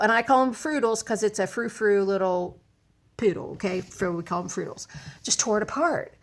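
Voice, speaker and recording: A woman talks straight to her phone camera in a loose, chatty vlog style. Her voice sits fairly high, and she rambles through an animated story with plenty of asides. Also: moderate pace. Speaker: vlogger.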